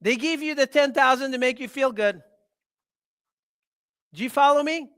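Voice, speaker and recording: A man's voice: extremely high pitch, normal speed, fairly bright tone. A man giving a live health seminar to an audience, emphatic and repetitive, often asking the listeners questions. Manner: emphatic, repeats key points, quizzes the audience. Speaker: health speaker.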